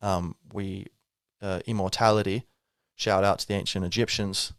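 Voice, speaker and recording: A man's voice: low voice, fairly even intonation, normal speed, smooth, no room sound, studio quality. A man hosting a podcast, musing in a casual, rambling way with wry asides. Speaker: podcast host. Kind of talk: reflective spiritual monologue.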